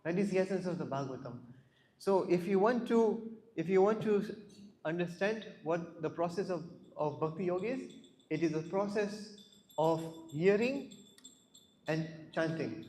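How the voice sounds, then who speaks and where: The scripture class comes from a man with a high-pitched, animated, mellow voice at a moderate pace. In the echoey temple hall, he asks the listeners questions, tells stories and keeps repeating words.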